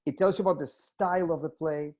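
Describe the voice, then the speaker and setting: A theater director hosting a panel over a video call, talking in a halting way with many fillers and restarts. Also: male voice, fairly high pitch, fairly even intonation, a little mellow. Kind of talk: casual video-call chat.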